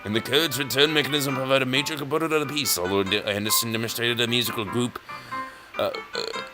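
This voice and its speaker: A man's voice: mid-range voice, steady tone, quick pace, over music. A man giving casual commentary on a brain-training game, reading on-screen text aloud and joking about it. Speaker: let's player.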